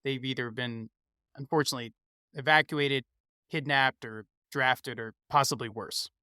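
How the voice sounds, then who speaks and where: A man's voice: medium pitch, steady tone, moderate pace, sharp tone, clear, resonant tone, dry recording, clean studio sound. A young man co-hosting a podcast, affable and easygoing. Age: young adult. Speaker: podcast co-host. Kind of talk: casual news podcast chat.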